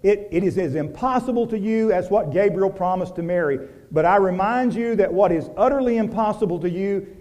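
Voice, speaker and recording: A pastor preaching a sermon, moving from loud urgent passages to hushed, quiet ones and asking the congregation direct questions. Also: male voice, brisk, hardly any pauses. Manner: preaching with wide swings from loud urgency to hushed, low intimacy.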